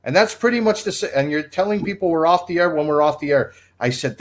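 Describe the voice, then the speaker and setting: Guy telling a rambly radio story on a stream, animated, keeps cracking himself up, kinda high voice. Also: fast. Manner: rambling, animated, laughs at his own story. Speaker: guest storyteller, former radio producer. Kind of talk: casual storytelling on a livestream.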